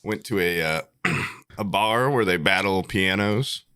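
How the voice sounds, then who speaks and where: A man's voice: low voice, slow pace, pushed and bright, smooth, no room sound, clean studio sound. A young man hosting a comedy podcast, telling rambling stories and laughing through them. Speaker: podcast host. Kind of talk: casual comedic storytelling.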